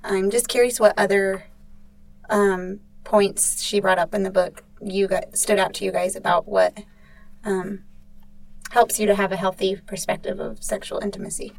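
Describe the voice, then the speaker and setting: Woman asking halting, flat-toned questions. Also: medium pitch, vocal fry, low-quality recording. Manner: halting, measured questions with many ums. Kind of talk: casual discussion.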